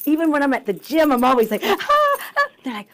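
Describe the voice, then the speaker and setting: A woman, a radio emcee, telling a story as a guest in a bubbly, excitable way, acting out the voices of the people in it. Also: high voice, very fast. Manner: bubbly, excitable, acts out quotes. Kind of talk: animated storytelling in conversation.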